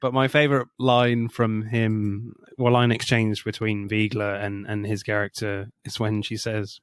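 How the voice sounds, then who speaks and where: A young man co-hosting a film podcast in casual chat, animated and quick to laugh, leaping up in pitch for jokes. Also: clear, resonant tone, dry recording, clean studio sound. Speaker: podcast co-host.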